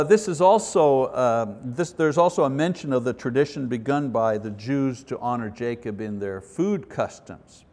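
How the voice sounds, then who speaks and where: A man's voice: a little high, a little mellow. Earnest man teaching in a reverberant hall. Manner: earnest, conversational with reading aloud. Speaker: Bible teacher. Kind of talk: Bible study lesson.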